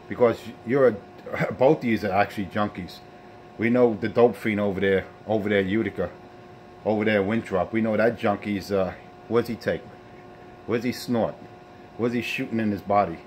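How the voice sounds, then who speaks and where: A man's voice: lowish voice, slight background noise. A man hosting his own CB radio show, taunting rivals and preaching in a boastful way. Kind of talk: trash-talking radio sign-off.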